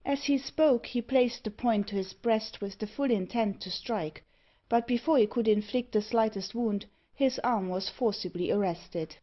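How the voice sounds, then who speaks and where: A woman narrating a gothic novel audiobook in a steady, even storytelling manner. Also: a little high, moderate pace, highs cut off.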